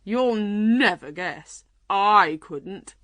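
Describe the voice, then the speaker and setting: A woman voicing a proud, bossy male unicorn in a storybook, giving demanding, drawn-out commands. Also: medium pitch, very animated, sharp tone, no echo, full character voice. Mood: excited.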